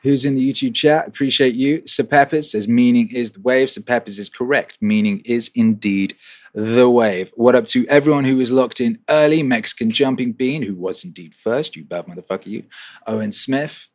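A man's voice: medium pitch, moderate pace. A man hosting a weekly question-and-answer livestream, chatting casually, swearing and repeating phrases for rhythm. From England.

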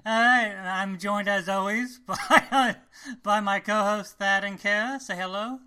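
Male podcast host, loose and self-mocking, bright voice. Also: sits high, steady tone, unhurried, clear, resonant tone. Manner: loose, laughing, self-deprecating. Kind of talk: casual chat.

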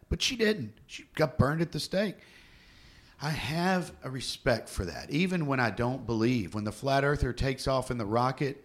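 A man co-hosting a casual chat, rambling and animated as he tells stories and laughs. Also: mid-range voice.

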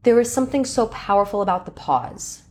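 A woman's voice: on the high side, a little fast. A woman hosting a podcast, giving a coaching talk on communication and acting out little enthusiastic quotes along the way. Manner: expressive, acts out enthusiastic quotes. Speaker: podcast host. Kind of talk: coaching monologue.

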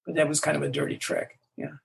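An older man, a language creator, answering interview questions with animated stories and acting out the quoted lines. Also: on the high side, fast, gravelly, poor audio.

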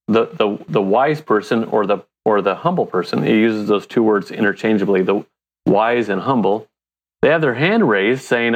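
A man's voice: on the low side, normal speed, lo-fi sound. A man from the United States, a company founder and interview guest, telling stories casually, laughing often and acting out his own thoughts.

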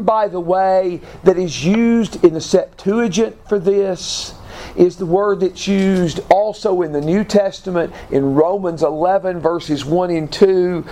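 A man teaching a Bible lesson to a class, speaking deliberately and often restarting his sentences. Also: sits high, animated, darkish tone. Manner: slow, deliberate, with repeated restarts.

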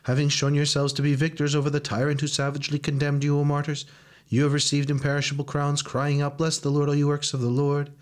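Smooth-voiced man chanting prayers. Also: on the high side, monotone, fast. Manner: solemn chanted recitation. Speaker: reader of prayers. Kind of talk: liturgical chanting.

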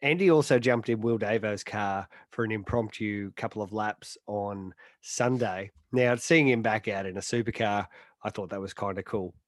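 Measured male co-host, low-pitched, casual motorsport chat. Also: no room sound. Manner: measured, reflective, turns topics to others. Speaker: podcast co-host.

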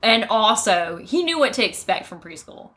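A woman in her thirties co-hosting a casual podcast, laughing often as she tells animated stories about her children starting school. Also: medium pitch, moderate pace. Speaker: podcast co-host. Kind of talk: casual chat.

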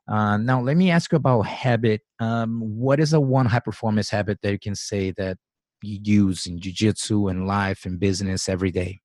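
Low-voiced casual podcast host. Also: male voice, normal speed, no echo, clean studio sound. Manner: relaxed, casual, many fillers and acknowledgements. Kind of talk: conversational interview.

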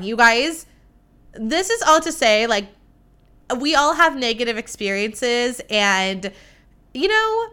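A woman's voice: a little high, sing-song, unhurried, bright, forceful tone, clear, resonant tone. A young woman from the United States hosting a podcast in a casual, chatty way, swearing freely, peppering her talk with likes and poking fun at herself. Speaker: podcast host. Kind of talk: casual chat.

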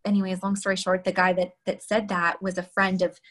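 A woman's voice: mid-range voice, level tone, a bit bright. A woman in her thirties, a guest telling a candid personal story in a chatty way, full of "like" and "you know". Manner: chatty, frequent "like" and "you know", quick asides.

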